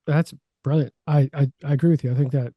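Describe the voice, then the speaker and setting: A man's voice: on the high side, fairly even intonation, fast talker, husky, highs cut off. A man hosting a podcast, affirming his guest and closing the show in an upbeat way. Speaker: podcast host. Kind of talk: casual podcast conversation and sign-off.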